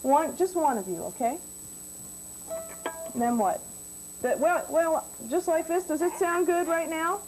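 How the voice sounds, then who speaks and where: A woman giving a music lesson to young children in a classroom, patient and gentle, asking them questions. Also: extremely high pitch, unhurried, long pauses, poor audio. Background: banjo playing.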